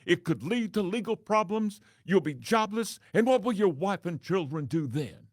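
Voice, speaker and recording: A sanctimonious preacher, slow, high, and preachy, with dry close sound. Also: male voice, expressive, dry recording. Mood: scolding. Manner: solemn, slow, moralizing. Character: sanctimonious male preacher inner voice.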